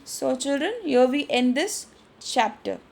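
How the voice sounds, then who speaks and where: Speaking at a measured pace, this woman has a high, animated, gravelly voice and an Indian English accent. She gives an online literature lesson, reading a story aloud with vocabulary instructions, and tends to repeat phrases and restart often as she teaches.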